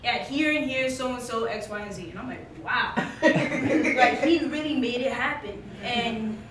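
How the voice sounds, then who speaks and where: A woman's voice: fairly high pitch, a little slow. A woman giving a candid, laughing, profane spoken tribute at a memorial gathering. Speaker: eulogy speaker. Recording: roomy hall from far off, noisy.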